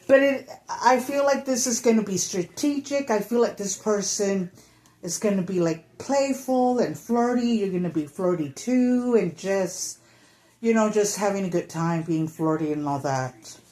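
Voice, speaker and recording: This tarot reader talks to camera in a relaxed, unhurried way, her medium-pitched voice darkish yet lively in intonation. She chats freely with lots of fillers and occasionally voices what people might say.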